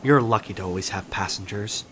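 A gentle old tram engine, as a man puts him on for a storybook, soft-spoken, wistful and apologetic, lifting his voice brightly when thrilled. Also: lowish voice, brisk, slight background noise, close to an everyday voice.

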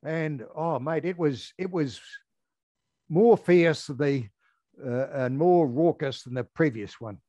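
An older Australian man, a former air force firefighter, telling a story in an interview, halting with many ums and restarts. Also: a little high, dark tone, no echo.

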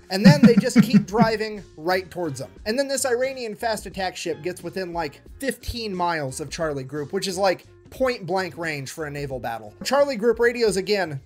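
A man telling a military history story as comedy, profane and animated, acting out quotes. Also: high voice, normal speed, hardly any pauses, soft background music.

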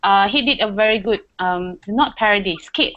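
Woman host, casual chat, mid pitch, dull lo-fi sound, switches languages. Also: normal speed. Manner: mixes English and Japanese in chat.

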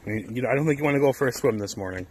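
Very low-voiced woman on a lakeside walk. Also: rapid-fire, crowd noise. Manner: calm and low-key, gently coaxing a child. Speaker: vlogger. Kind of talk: casual vlog narration on a walk. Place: outdoor lakeside trail.

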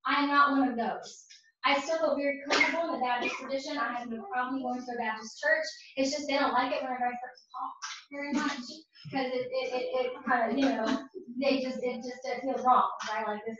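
A woman with a high voice gives an earnest faith class, leaning on repetition to drive her points home. She sounds far from the microphone, in a very echoey hall. The sound is dull and muffled. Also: fairly even intonation, fairly quick, fairly bright tone, slight background noise. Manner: earnest, personal storytelling with emphatic repetition. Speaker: catechist. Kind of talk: faith formation class talk. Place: church hall or parish classroom.

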